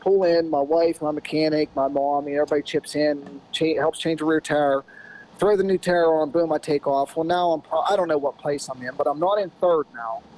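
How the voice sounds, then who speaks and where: An American man in his fifties, a podcast guest telling a racing story in a rambling, animated way with lots of "you know"s. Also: a little high, moderate pace, a little hiss or hum, low-quality recording. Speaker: podcast guest, former off-road racer. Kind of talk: casual storytelling.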